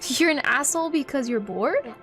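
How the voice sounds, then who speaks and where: A woman's voice: sits high, lively intonation, normal speed, pitched above the performer's own voice. A woman voicing an earnest, polite young boy, sincere and a little puzzled, over background music. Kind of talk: voicing game characters on stream.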